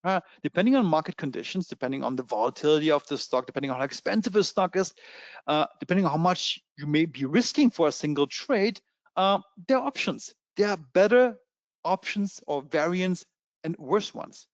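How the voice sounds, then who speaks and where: A man with a German accent giving a fast, eager sales pitch in a trading webinar, with many fillers. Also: lively intonation, no echo, muffled recording. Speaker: webinar presenter.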